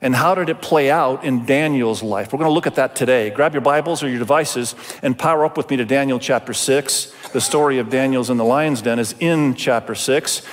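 A man's voice: mid-range voice, brisk, hardly any pauses. A pastor preaching a sermon in a conversational way, speaking directly to his listeners. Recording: long hall reverb.

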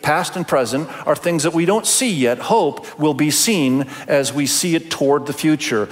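An older man preaching a sermon as pastor, earnest and emphatic, with rhetorical questions. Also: medium pitch. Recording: long hall reverb.

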